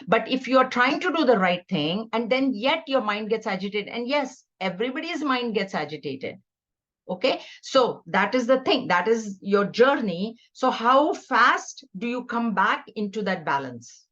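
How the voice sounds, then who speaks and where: A woman's voice: fairly high pitch, lively intonation, a little slow, a bit bright, lo-fi sound. A middle-aged woman giving a scripture class, teaching earnestly and conversationally with stories. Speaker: spiritual teacher.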